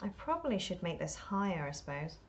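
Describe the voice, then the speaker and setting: A woman's voice: on the low side, big pitch swings, brisk, slight background noise. A woman chatting on a live stream while she paints, rambling and talking to herself, self-deprecating and laughing often.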